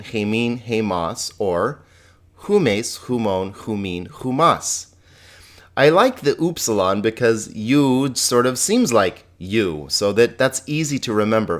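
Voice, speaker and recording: Man, teacher delivering a recorded lesson; friendly and patient, repeats forms, asks the class questions. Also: on the low side. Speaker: Greek teacher.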